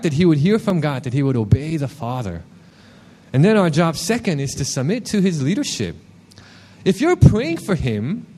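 A man preaching in a loose, conversational way, his somewhat high voice swinging widely as he tells a personal story. He speaks with an animated, storytelling manner, full of asides to the congregation. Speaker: worship leader preaching. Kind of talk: sermon.

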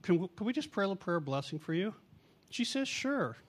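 A man's voice: high-pitched, sing-song, fairly quick. A middle-aged man preaching in a chatty storytelling way, mocking himself and acting out the quotes. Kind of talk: storytelling sermon.

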